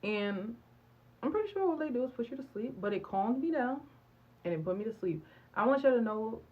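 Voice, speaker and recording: A woman's voice: fairly high pitch, brisk, dull audio. Young woman telling a candid storytime. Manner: animated, candid, acts out dialogue with many fillers. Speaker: vlogger. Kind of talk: storytime vlog.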